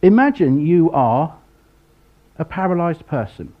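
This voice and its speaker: A man preaching a sermon, acting out the people in the story with sudden loud voices. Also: a little high, sing-song, measured pace. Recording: dull lo-fi sound.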